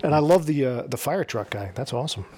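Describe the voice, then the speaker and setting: A man with a New York accent hosting an interview, reacting with quick enthusiasm and chatting about the acting business. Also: mid-range voice, animated, a little mellow. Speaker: podcast host. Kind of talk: casual interview chat.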